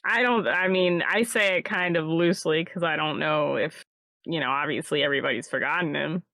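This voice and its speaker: A woman's voice: low voice, brisk, pushed and bright, no room sound. A woman playing a tabletop role-playing game, talking hesitantly and thinking aloud. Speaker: player. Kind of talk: tabletop role-play, casual chat.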